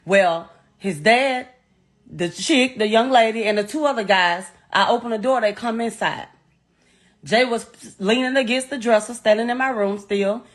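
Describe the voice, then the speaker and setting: A middle-aged woman telling a painful story as a mother, in a blunt, halting way full of profanity. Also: a little high. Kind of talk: emotional first-person account.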